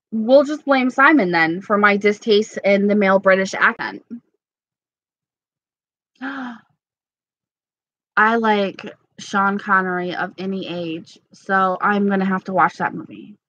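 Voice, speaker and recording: A woman's voice: medium pitch, a little slow, long pauses, fairly bright tone, no echo, highs cut off. A woman casually chatting with her viewers, playful and gossipy, laughing often. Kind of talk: casual chat reading live comments.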